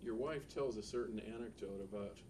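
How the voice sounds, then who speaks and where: A man asking oral history interview questions in a hesitant, halting way. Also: lowish voice, darkish tone. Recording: distant mic with noticeable background noise.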